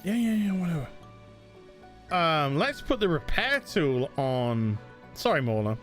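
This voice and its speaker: An English-accented man chats casually while playing on a game live stream, reading out donations and rambling with plenty of fillers and restarts. His voice is fairly high and fairly bright, with big pitch swings and a measured pace, over game music.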